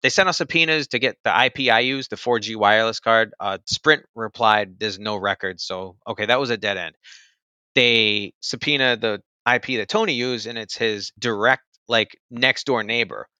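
Recounting his own experience in a relaxed storytelling style, this man leans heavily on fillers such as "you know" and "like." His lowish voice is bright and forceful, delivered at a normal speed. The sound is clean and dry.

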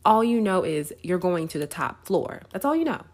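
A woman's voice: on the low side, big pitch swings, moderate pace. A woman hosting a faith podcast, telling a story in a casual, chatty way, often asking "right?" and laughing. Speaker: podcast host.

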